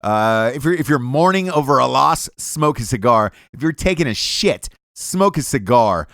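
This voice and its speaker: A brash male podcast host rattles through sponsor reads with a lively, swooping pitch and plenty of swearing. His voice is close and dry, with no room around it. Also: moderate pace, creaky, no room sound. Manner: brash, profane, joking delivery. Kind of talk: casual podcast ad reads and chat.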